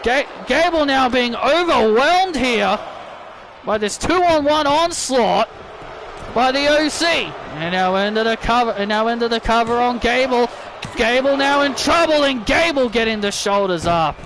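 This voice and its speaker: High voiced guy calling a wrestling game, slow and drawn out, keeps repeating himself and yelling, noisy hiss behind. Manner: excitable, repeats phrases, bursts into shouts. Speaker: play-by-play commentator. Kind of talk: mock wrestling commentary over a video game.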